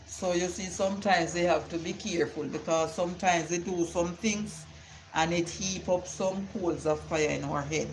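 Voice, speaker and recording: A woman's voice: sits low, noisy background. An older woman, chatting casually on a live stream and telling rambling stories with Bible sayings.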